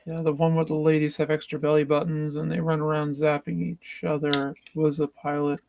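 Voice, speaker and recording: Higher-voiced man, dry close sound. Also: monotone, gravelly, a little mellow, no room sound. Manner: halting, with repeated starts. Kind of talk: casual chat.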